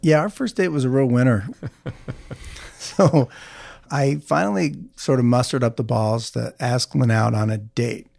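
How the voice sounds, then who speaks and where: Man, gravelly voice, middle pitch, podcast guest, animated self-mocking storytelling. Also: a little slow. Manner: animated anecdote teller, quotes people, laughs at himself. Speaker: orthopedic surgeon guest. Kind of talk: casual storytelling.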